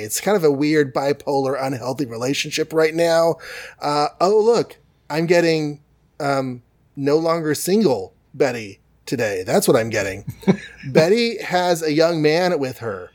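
A man's voice: fairly high pitch, lively intonation, unhurried, a little mellow. A man hosting a podcast, recapping a comic in a rambling, jokey way. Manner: rambling, jokey, many fillers. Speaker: podcast host. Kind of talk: casual comic book recap.

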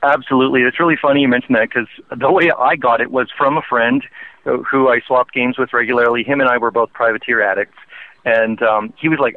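A man co-hosting a casual podcast over the phone, rambling with restarts and quick laughs. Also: mid-range voice, steady tone, no room sound. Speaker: podcast co-host. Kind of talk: casual chat. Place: in a car on the road. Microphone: mobile phone. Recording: tinny phone line.

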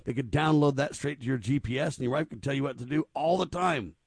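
A man's voice: mid-range voice, fast, vocal fry, slightly rough, dry recording. A man hosting a talk show, chatting casually and joking as he puts questions to his co-hosts.

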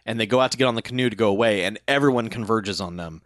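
A man's voice: lowish voice, very fast, dry recording, clean studio sound. A man co-hosting a casual podcast, telling movie scenes and mimicking the characters. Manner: animated storyteller, mimics characters. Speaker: podcast co-host. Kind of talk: casual movie recap chat.

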